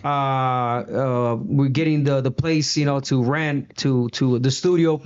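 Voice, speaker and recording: A man in his thirties with a Mexican accent, an animated storyteller who acts out quoted voices in a casual podcast chat. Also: medium pitch, slow pace, clean tone, highs cut off. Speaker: podcast guest, boxing commentator.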